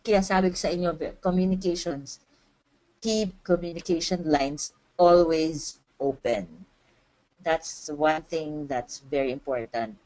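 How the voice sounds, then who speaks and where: A young woman with a Filipino accent speaks in a slightly low voice. She talks casually and chattily, with frequent fillers and easy laughter, as she shares tips from her freelance work in a webinar. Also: darkish tone, low-quality recording. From Philippines. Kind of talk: casual talk mixing Tagalog and English.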